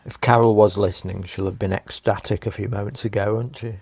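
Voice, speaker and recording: A man's voice: fairly low pitch, steady tone, fairly quick, a little mellow, breathy edge. A man making dry, wry remarks in casual chat on a stream.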